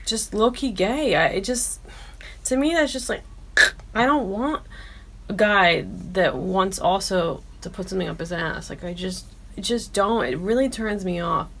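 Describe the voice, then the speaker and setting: A woman hosting her own podcast in casual chat, loud and profane, often bursting into yelling. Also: medium pitch, a little slow. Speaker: podcast host.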